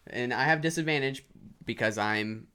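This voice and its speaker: A man's voice: medium pitch, moderate pace, bright, forceful tone, slight background noise. A man playing a tabletop game, casual and swearing, telling his moves and rolls. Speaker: player.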